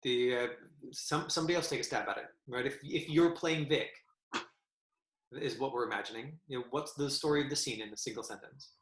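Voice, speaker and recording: A man coaching an acting class at a middle pitch, his talk broken by fillers and false starts. His voice rings in a roomy echo. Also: a bit bright. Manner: halting, full of fillers and restarts. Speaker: acting teacher.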